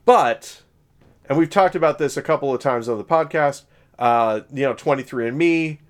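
A man's voice: medium pitch, moderate pace. A man from Southern Illinois co-hosting a podcast in casual chat, rambling with lots of fillers and restarts. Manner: rambling, many fillers and self-corrections. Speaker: podcast co-host.

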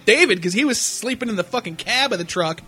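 A man's voice: sits high, lively intonation, quick pace, sharp tone, soft background music. A man co-hosting a casual podcast, telling profane stories with lots of laughter. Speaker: podcast co-host.

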